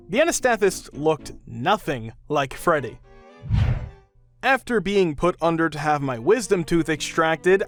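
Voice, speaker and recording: A man with a high voice reads out short funny anecdotes one after another, his pitch bouncing up and down as he goes. His delivery is even and read-aloud, and faint music plays behind him. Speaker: narrator. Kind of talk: reading online anecdotes aloud.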